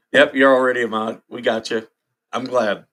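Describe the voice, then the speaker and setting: Hiccuping as he goes, this man hosts a casual livestream, talking with his audience and reacting to news headlines he reads out, laughing frequently. He has a medium-pitched, fairly bright voice.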